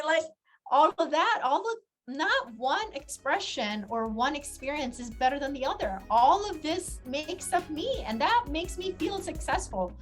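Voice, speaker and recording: Earnest, high-voiced woman coach. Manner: earnest, heartfelt and reflective. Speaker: confidence coach. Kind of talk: casual podcast interview.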